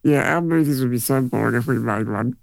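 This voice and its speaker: A laid-back man trades jokes in a casual movie chat. His mid-pitched voice has a gravelly, creaky edge, and the recording is dry and close with no room sound. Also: brisk, no echo. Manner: laid-back, laughs often. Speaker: podcast co-host.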